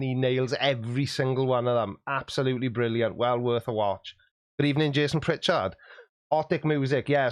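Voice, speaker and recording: Male livestream host, chatty and self-mocking, mid pitch, dry close sound. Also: dry recording. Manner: chatty, jokey, self-deprecating. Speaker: YouTube host. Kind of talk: livestream chat reading viewer comments.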